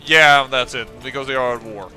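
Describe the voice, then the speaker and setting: A man's voice: medium pitch, normal speed, sharp tone, soft background music. A man hosting a let's-play, giving game commentary as he thinks aloud, often trailing off and restarting sentences.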